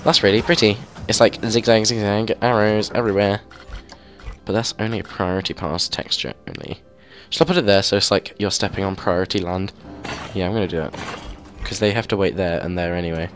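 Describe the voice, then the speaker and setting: A young man giving casual, excitable commentary as he plays a game and thinks aloud into a mic held very close to his mouth. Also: lowish voice, a little fast, soft background music. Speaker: gameplay video host.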